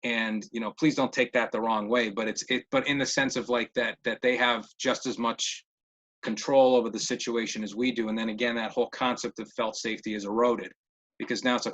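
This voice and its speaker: A man's voice: mid-range voice, steady tone, brisk, fairly bright tone, low-quality recording. A man answering questions in a casual webinar as a behavior interventionist, often repeating words as he thinks, over a video call. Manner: repeats words while thinking, many fillers.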